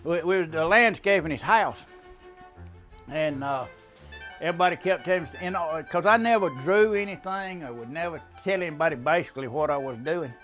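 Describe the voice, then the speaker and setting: A man's voice: fairly high pitch, fairly quick, fairly bright tone, soft background music. Chuckling older man spinning a yarn. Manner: drawling, chuckling often, folksy slang. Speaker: family storyteller. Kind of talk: casual storytelling.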